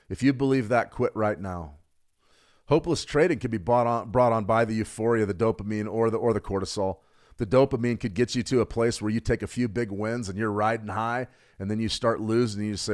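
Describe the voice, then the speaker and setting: A man's voice: on the low side, fairly quick, a little mellow. A middle-aged man coaching traders in a live workshop, blunt and emphatic, repeating points for stress. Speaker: trading coach.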